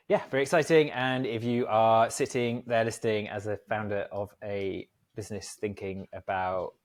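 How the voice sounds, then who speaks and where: Chatty male podcast host, low voice, loose and laughing. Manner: chatty, laughs easily, rambling asides. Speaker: podcast host, agency co-founder. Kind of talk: casual podcast chat.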